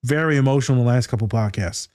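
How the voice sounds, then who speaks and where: A man's voice: mid-range voice, very fast, a little mellow. A man hosting a podcast, talking candidly and joking with lots of swearing in casual chat. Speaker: podcast host.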